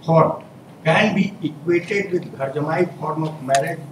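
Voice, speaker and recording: A male advocate formally argues an appeal in a courtroom, repeatedly saying "my lord." His voice is on the high side and unhurried, and the echoey audio is recorded from far off with noise.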